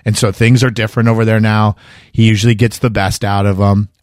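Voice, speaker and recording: A man's voice: lowish voice, fairly quick, dry recording, studio quality. A middle-aged man co-hosting a sports betting podcast, chatting casually and animatedly, acting out quotes. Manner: animated, jokey, acts out quotes. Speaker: podcast co-host giving betting picks.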